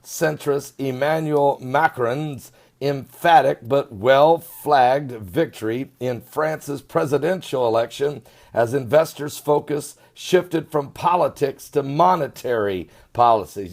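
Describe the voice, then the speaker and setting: A man giving an animated, sarcastic video commentary, swinging between loud emphasis and muttering. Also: fairly high pitch, a little slow, creaky. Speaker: online commentator.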